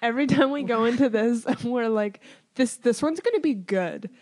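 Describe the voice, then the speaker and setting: A woman's voice: fairly high pitch, lively intonation, moderate pace, a little mellow. A woman co-hosting a podcast, chatting casually in a rambling, giggly, self-mocking way. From Canada. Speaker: podcast co-host. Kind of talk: casual chat.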